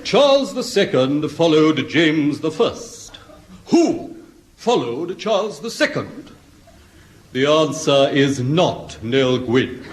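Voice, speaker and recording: A man's voice: on the high side, big pitch swings, takes it slowly, a little hiss or hum. A man playing a pompous, stuffy headmaster who grows exasperated with a pupil, in a 1960s radio comedy.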